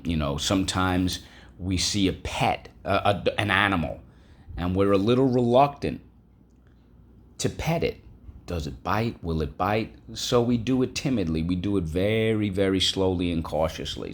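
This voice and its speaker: A man teaching a classroom vocabulary and phonics lesson, patient and repetitive, prompting the class to repeat words. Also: deep voice.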